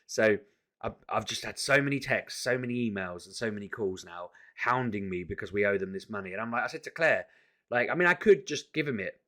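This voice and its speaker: Man, casual vlog rant, exasperated, animated, stumbles and restarts, sharp forceful tone. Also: on the low side, brisk. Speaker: vlogger. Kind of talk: casual ranting vlog to camera.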